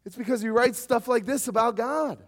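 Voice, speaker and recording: A man preaching a sermon, emphatic and lively, sometimes acting out short quoted voices. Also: very high-pitched, brisk. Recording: hall reverb.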